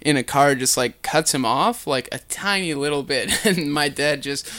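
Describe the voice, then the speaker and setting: A young man co-hosts a casual podcast, telling anecdotes in an animated way and loudly acting out the people in them. His voice sits a little high. The recording is dry and close. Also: normal speed, dry recording. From Alberta, Canada. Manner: animated, acts out quotes loudly. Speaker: podcast co-host. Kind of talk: casual chat.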